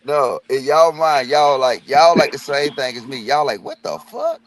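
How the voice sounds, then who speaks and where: A man chatting loudly and jokingly in a group, teasing others and doing quick impressions. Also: medium pitch, over a noisy crowd. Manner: loud, joking, animated, mocking impressions. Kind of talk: casual joking chat.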